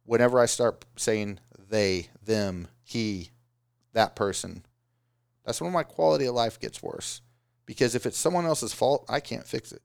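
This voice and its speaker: Small-business owner, male, gravelly, casual motivational talk, dry sound. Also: medium pitch, unhurried, no room sound. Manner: animated, does mocking voices of excuses. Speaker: business owner giving advice.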